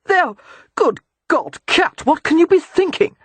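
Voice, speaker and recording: A man's voice: sits high, sing-song, normal speed, husky, dry recording, exaggerated voice. The audiobook narrator voicing a sardonic, exasperated aristocratic man. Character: sardonic aristocratic man, dry-witted lord.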